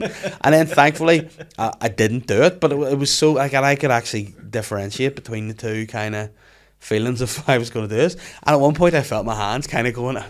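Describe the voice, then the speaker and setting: A man hosting a podcast, telling animated stories in casual chat and swearing freely. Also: medium pitch, fast. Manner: animated storytelling, frequent swearing. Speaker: podcast host.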